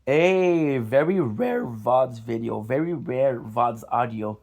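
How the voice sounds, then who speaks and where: A young man talks straight to his viewers in a frustrated, apologetic vlog. His voice has a gravelly, fry-edged texture, and he swears and repeats himself as his annoyance builds. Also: medium pitch, lively intonation, takes it slowly, darkish tone, muffled recording. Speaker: gaming vlogger. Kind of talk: casual vlog talk to viewers.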